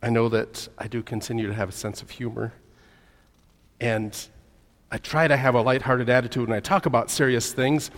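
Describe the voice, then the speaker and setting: A man's voice: medium pitch, fairly even intonation, normal speed. Man, pastor, lighthearted sermon, banters with the congregation, roomy hall reverb. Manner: jokey, chatty, talks with the audience. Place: church hall. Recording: echoey church hall with long reverb.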